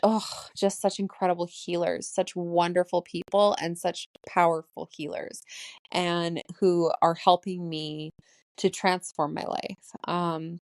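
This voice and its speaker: A woman's voice: fairly low pitch, steady tone, slow, a little mellow, dry recording. A woman in her late thirties hosting a solo spiritual podcast, emotional and laughing often, her voice shaking as she holds back tears. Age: late 30s. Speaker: podcast host.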